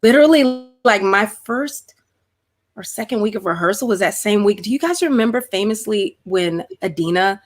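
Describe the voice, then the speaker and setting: A middle-aged woman talks animatedly over a video call, full of restarts and "like"s. Her pitch sits in the middle and her voice comes through a home call setup. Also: lively intonation, moderate pace. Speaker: guest performer. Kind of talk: casual video-call chat.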